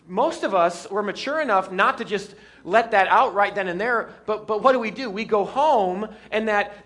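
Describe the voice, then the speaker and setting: A male pastor preaching a sermon with a bright, high-pitched voice. He keeps the congregation amused with jokes and acts out scenes as he goes. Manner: lively, joking, acts out scenes.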